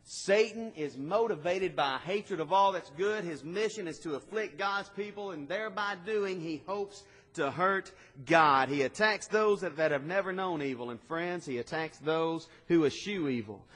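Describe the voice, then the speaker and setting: A man's voice: high voice, normal speed, hardly any pauses. Man preaching in a reverberant hall. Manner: dynamic preaching with swings in loudness. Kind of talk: sermon.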